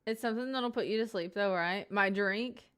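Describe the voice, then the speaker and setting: A woman's voice: medium pitch, normal speed, fairly bright tone, clear, resonant tone. A young woman live streamer chatting casually and playfully with her viewers, giggly and rambling, sitting at home at a desk mic.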